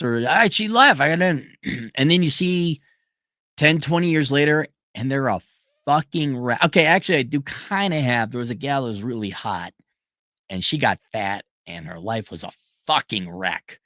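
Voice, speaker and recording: A man's voice: fairly high pitch, a bit bright, no echo, clean studio sound. Sarcastic ranting man. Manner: sarcastic, rambling, profane. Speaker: podcast host. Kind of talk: profane rant monologue.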